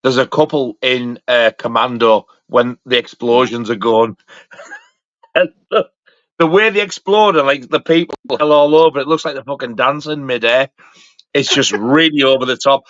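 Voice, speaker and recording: Bright-voiced swearing man. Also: mid-range voice, normal speed, dry recording. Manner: swearing, laughing, mimicking accents. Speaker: guest. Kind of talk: casual chat on a live stream. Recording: dull lo-fi stream audio.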